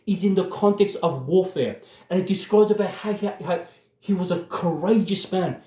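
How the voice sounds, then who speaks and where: A man's voice: high-pitched, dark tone, reverberant. A man giving impassioned religious commentary, emphatic and worked up, often turning to address his listeners directly.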